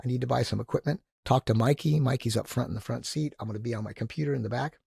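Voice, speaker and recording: A man in his sixties, a podcast guest who tells animated, enthusiastic stories and acts out the quotes. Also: medium pitch, fast talker, vocal fry, slightly rough, no room sound, studio quality. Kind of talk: casual storytelling interview.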